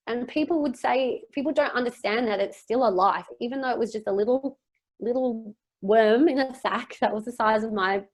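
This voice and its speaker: A young woman speaking as a guest on a podcast. She tells a very personal story in a candid, emotional way. She rambles and uses many fillers as she talks. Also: medium pitch.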